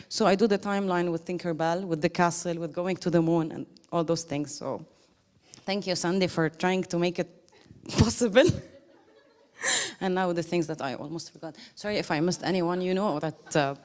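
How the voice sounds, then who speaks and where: A woman's voice: on the low side, darkish tone. A woman giving a casual, emotional thank-you speech to a group, laughing often and quoting others.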